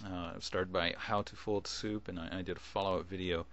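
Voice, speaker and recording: A man's voice: sits low, level tone, a little fast, fairly bright tone. A man talking casually in a video response, rambling, restarting his sentences and chuckling as he goes. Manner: rambling, self-interrupting with chuckles. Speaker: video blogger.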